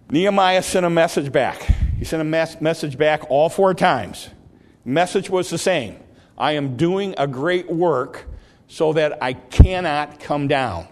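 A man teaching a Bible study lesson, explaining in a halting way and often repeating words as he goes. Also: fairly high pitch, darkish tone. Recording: long reverb of a large hall.

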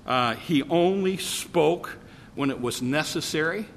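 A man's voice: on the high side, unhurried, in a large hall, slight background noise. A man preaching a sermon, earnest and repetitive, reading scripture aloud and explaining it verse by verse. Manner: earnest, repeats words, reads scripture aloud.

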